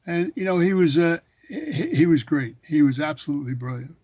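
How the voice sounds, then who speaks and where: A man's voice: on the high side, brisk, no echo. Older man telling stories, dull dry sound. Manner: animated anecdotes with repeated phrases. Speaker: guest, actor and former boxer. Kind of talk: casual storytelling.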